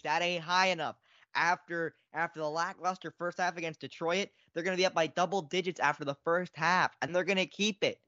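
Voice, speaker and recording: A man co-hosting a casual sports podcast. He is excitable and repeats himself, and his pitch jumps a lot. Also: dry recording. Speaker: podcast co-host. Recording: dry, dull lo-fi sound.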